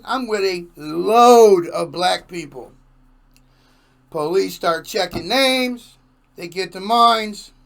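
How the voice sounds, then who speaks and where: A man's voice: sits high, gravelly, a bit bright. A man hosting a music reaction video, talking in casual, emphatic commentary and repeating himself for effect.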